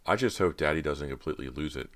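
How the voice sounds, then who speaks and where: A man with a very deep voice reading the lines of a frightened teenage girl as she confesses, lifting his voice higher in pleading and tremulous bursts. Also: lively intonation, fast talker.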